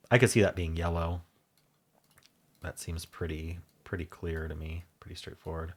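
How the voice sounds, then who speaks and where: Low husky man musing over puzzles. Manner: thinks aloud, musing and unsure. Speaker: puzzle video host. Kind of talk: casual solo puzzle commentary.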